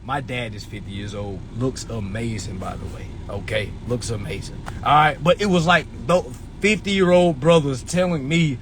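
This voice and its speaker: A man's voice: mid-range voice, normal speed, hardly any pauses, a little hiss or hum. A man in his twenties hosting a livestream, giving a blunt, profane motivational talk. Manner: blunt, preachy, swearing freely. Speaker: livestream host.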